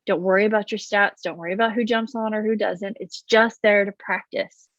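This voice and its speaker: A woman coaching straight to camera in an easy, chatty way. She is loud and quick with bouncy energy. The sound is dry and a bit dull and lo-fi. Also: medium pitch, no room sound. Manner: loud, fast, animated talker who talks with her hands. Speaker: business coach. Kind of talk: casual to-camera advice.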